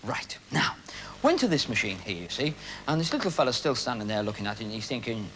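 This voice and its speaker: A man's voice: medium pitch, big pitch swings, fast talker, low-quality recording. Male comic magician working a TV studio crowd, bouncy teasing patter, faint room hum behind. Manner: cheeky, teasing banter with audience volunteers. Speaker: magician and comedy host. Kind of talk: stage comedy patter with audience participation. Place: television studio stage with a live audience.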